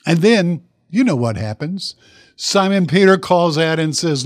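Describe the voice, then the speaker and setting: A pastor preaching a sermon, telling a Bible story dramatically and putting questions to the congregation. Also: male voice, fairly high pitch, expressive, unhurried, no echo, clean studio sound.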